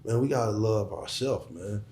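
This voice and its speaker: A middle-aged man, a former hustler turned entrepreneur, talks as an interview guest in a fairly low, darkish voice at normal speed, with a roomy sound. He is emphatic and profane in casual conversation, often repeating words as he begins a sentence.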